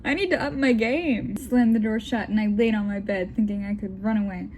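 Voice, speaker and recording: A woman's voice: mid-range voice, brisk, a little mellow, a little hiss or hum. A young woman reading fanfiction aloud with giggly, joking asides. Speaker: vlogger.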